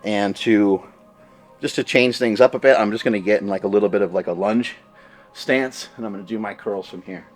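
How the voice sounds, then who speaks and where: A man's voice: on the low side, fairly quick, faint music behind. A middle-aged man, talking casually and candidly in a gym vlog, rambling and joking as he goes. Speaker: vlogger training for a marathon.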